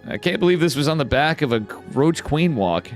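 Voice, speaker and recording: A man with an upstate New York accent giving casual live commentary on a strategy game, swearing now and then and bursting into excited outbursts. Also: a little high, fairly quick, faint music behind. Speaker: esports caster.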